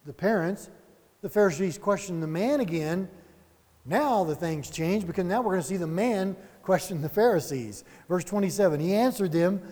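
A long reverb tail hangs on this man's high-pitched voice as he leads a Bible study. His sermon style is animated and conversational, marked by chuckling asides and rhetorical questions.

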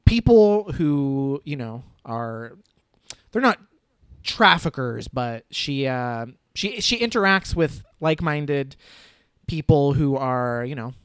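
A man's voice: medium pitch, expressive, unhurried, clean tone, no echo, studio quality. A man hosting a casual film-ranking chat, talking in a rambling way full of fillers.

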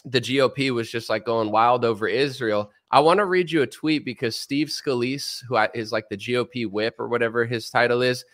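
A man's voice: mid-range voice, a bit bright. Joking, sarcastic male podcast host. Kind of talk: casual political chat.

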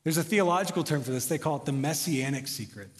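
A young American pastor with a slightly high voice preaches at a quick pace, starting off chatty and casual before building to passionate emphasis. The recording carries a long hall reverb.

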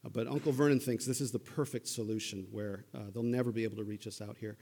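Conversational preacher in a reverberant hall. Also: male voice, lowish voice, fairly even intonation, quick pace, vocal fry, warm tone. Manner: conversational, checks in with listeners. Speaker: pastor. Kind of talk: sermon.

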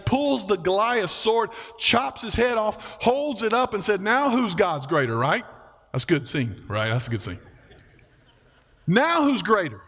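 A man's voice: high-pitched, fairly bright tone. A man preaching in a casual, folksy way, acting out the voices of the story's characters. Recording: long hall reverb.

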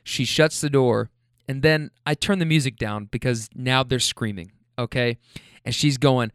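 A man's voice: mid-range voice, unhurried, clear, resonant tone, dry recording, studio quality. A man telling a casual story about a couple he drove, loose, chatty and profane.

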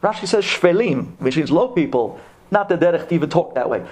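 Animated man giving a sermon. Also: fairly quick. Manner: animated storytelling, swinging from low asides to high exclamations. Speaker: rabbi giving a Torah talk.

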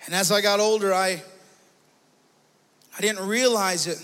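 A man's voice: high voice, steady tone, measured pace, big-room sound. A male pastor preaching a sermon as a personal testimony, often repeating himself and rising in intensity. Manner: personal testimony, growing emotional and loud. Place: church sanctuary.

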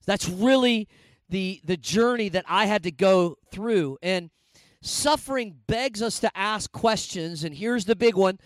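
A middle-aged man from Indiana, a pastor telling a personal story in a sermon, animated and conversational with frequent fillers. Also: high voice, unhurried, no echo.

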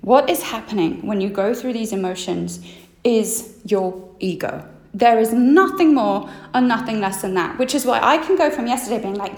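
A woman hosting a solo mindset podcast, acting out her inner thoughts with lively shifts of voice. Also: on the high side, a little fast. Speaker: podcast host. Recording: roomy echo.

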